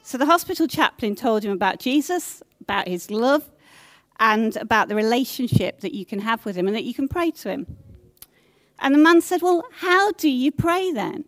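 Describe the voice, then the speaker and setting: Casting: middle-aged woman, gentle sermon delivery, slightly high voice, dry close sound. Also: animated, moderate pace, no echo. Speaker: preacher.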